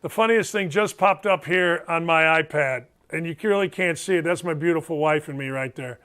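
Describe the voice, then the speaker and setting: Man, middle-aged, high voice, sports talk host, blunt, emphatic, repetitive. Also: fairly quick, a bit bright. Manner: blunt, emphatic, repeats himself for effect.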